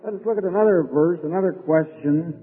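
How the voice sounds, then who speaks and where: A man preaching a fervent evangelistic sermon to a room, slowing down and stressing key words. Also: high voice, slightly rough. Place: hall with an audience. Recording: phone-like old recording in a long-reverb hall.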